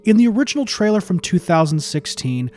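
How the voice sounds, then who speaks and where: A man's voice: sits high, sing-song, a little fast, darkish tone, faint music behind. A man who critiques films on video, delivering scripted commentary in a sarcastic, profane way. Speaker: YouTube film critic.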